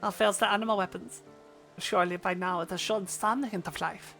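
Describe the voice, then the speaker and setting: A woman's voice: mid-range voice, steady tone, creaky, a bit bright, soft background music. A woman voicing a courteous, formal male scholar with a German accent, reading game dialogue aloud. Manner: formal, measured, courtly phrasing.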